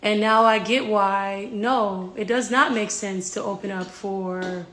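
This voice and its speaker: A woman's voice: medium pitch, steady tone, unhurried, a bit bright. A woman guest on a podcast, speaking in a candid, hesitant, frank way. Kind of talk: candid conversational interview talk. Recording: roomy podcast clip with faint noise.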